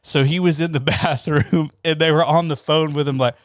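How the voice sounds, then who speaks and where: Man, slightly higher voice, laughing storyteller, dry close mic. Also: fairly even intonation, moderate pace, no echo. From Northeast Georgia. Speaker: podcast co-host. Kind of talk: casual chat.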